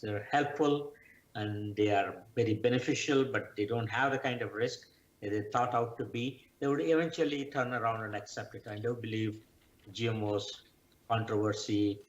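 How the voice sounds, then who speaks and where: Man, middle-aged, guest scientist, measured explaining, roomy sound, muffled remote line. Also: mid-range voice. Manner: measured, explanatory, with frequent "uh" pauses. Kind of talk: interview answers. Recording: roomy, dull remote audio.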